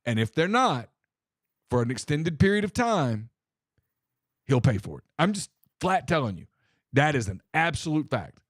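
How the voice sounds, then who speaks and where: A man's voice: on the high side, very animated, normal speed, pauses often, dry recording, studio quality. A man from Louisiana co-hosting a sports talk show, insistent and emphatic, repeating himself to drive a point home. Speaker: co-host.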